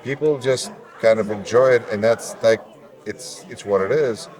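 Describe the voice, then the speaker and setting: A Russian-born man, a native Russian speaker, with a deep announcer-like voice, speaking earnestly and reflectively as an interview guest. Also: moderate pace, a little mellow. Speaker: guest, local elected official. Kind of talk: conversational interview.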